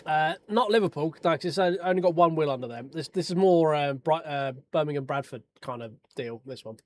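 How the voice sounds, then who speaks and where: This sim racing streamer has a fairly high-pitched voice and talks fairly quickly, with no echo in the recording. He chats casually with his viewers over race replays, cracking jokes and swearing freely.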